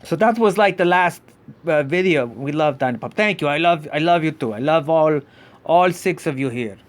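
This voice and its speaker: A man voicing a goofy male dinosaur puppet pup who hosts a live podcast, talking in a vague put-on foreign accent, rambling with many halting restarts. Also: a little high, animated, close to an everyday voice. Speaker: podcast host. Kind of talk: live podcast character act.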